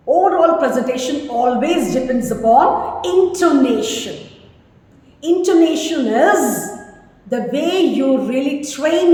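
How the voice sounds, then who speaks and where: A woman in her fifties gives an English lesson, slow and deliberate, her pitch rising and falling with lively emphasis. She repeats key words for her students, and her voice rings through a room with a long, hall-like echo. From India. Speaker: English teacher. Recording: echoey room with long reverb.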